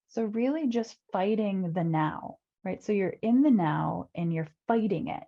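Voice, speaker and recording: A woman's voice: medium pitch, expressive, unhurried, creaky, few pauses. A woman life coach giving an earnest webinar talk, repeating key phrases and acting out the voices in people's heads. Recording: dull lo-fi webinar audio.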